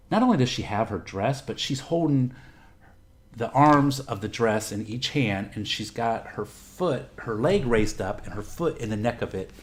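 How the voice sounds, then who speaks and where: A middle-aged man from Texas tells a story from his past, cursing freely and circling back with restarts. His voice sits a little low, and his delivery is casual and unpolished, like a podcast host talking off the cuff. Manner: profane, candid, rambling with restarts.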